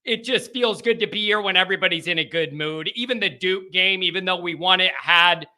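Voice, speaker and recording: Call-in show host, man, high bright voice, repeats himself with feeling. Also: fairly quick. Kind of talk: postgame call-in show talk.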